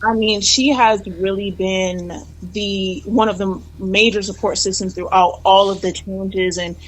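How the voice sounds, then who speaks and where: Young woman talking softly and thoughtfully about her grandma, plain voice. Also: medium pitch, fairly even intonation, unhurried, poor audio. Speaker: guest. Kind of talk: personal story.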